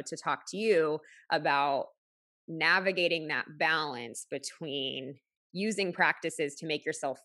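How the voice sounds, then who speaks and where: Podcast host: woman, low and bright voice, measured and reflective, dry close mic. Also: no room sound. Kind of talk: casual podcast conversation.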